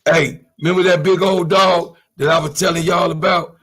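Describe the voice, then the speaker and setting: A man with a Chicago accent hosting a casual livestream, talking loosely and shouting out his viewers. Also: fairly high pitch, steady tone, normal speed, crowd noise. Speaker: livestream host. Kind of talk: casual live-stream chat.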